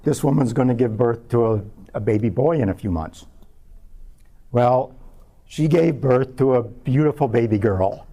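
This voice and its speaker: A man, a scientist, giving a public talk as a measured personal story about his research. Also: mid-range voice, dark tone. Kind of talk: lecture told as a personal story.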